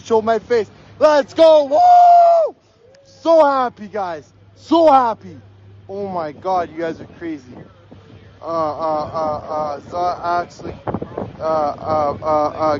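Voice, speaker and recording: A hoarse young man livestreaming outdoors on a snowy street, excitedly yelling shout-outs to viewers. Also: high voice, dull audio, slight background noise. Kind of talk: live stream reading out viewer donations.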